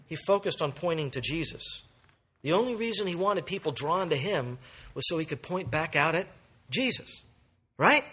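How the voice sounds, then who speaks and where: Pastor guy preaching, highish bright voice, emphatic, loud then soft. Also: lively intonation, normal speed, breathy edge. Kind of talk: sermon.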